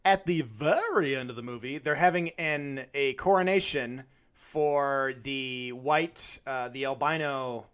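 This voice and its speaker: A man co-hosting a podcast, retelling a film in casual chat with animated, acted-out quotes. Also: mid-range voice, measured pace, clean tone. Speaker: podcast co-host.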